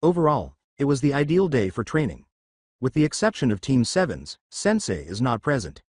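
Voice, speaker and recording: A man narrating a fan fiction story in a steady reading voice. His pitch rises and falls freely, and the recording is dry and close. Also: normal speed, dry recording.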